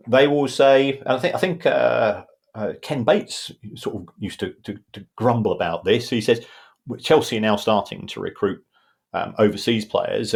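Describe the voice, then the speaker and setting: A man co-hosting a podcast, answering listener questions in an explanatory, think-aloud way. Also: medium pitch. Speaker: podcast co-host, football finance expert. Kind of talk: casual podcast chat.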